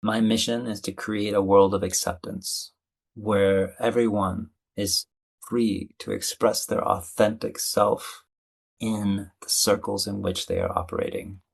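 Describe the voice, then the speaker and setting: A man being interviewed as a communication coach, speaking in an animated, conversational way. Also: lowish voice, a little slow, vocal fry, breathy edge. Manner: animated, playfully acts out quoted voices.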